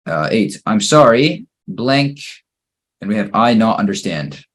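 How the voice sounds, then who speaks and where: A man's voice: on the low side, sing-song, measured pace, fairly bright tone. A man teaching an English grammar lesson, patiently working through fill-in-the-blank exercises and praising each answer.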